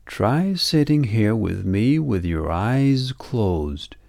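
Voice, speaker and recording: A man voicing a very old, long-bearded hermit in a storybook, speaking slowly like a sage. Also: lowish voice, lively intonation, gravelly, a little mellow, no room sound, clean studio sound, exaggerated voice. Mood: calm. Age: older.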